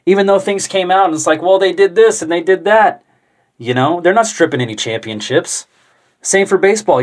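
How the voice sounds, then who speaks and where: Chatty rambling man. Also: a little high. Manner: chatty, self-talking, swears casually. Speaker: vlogger. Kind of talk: casual rambling monologue.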